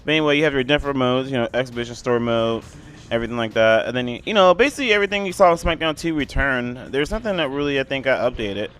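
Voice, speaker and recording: A man rambles through a casual voice-over review of an old video game, his ordinary middle-pitched voice a bit bright, animated, and fast. He's blunt and opinionated, leaning on "I mean" and "like," with faint game music playing beneath.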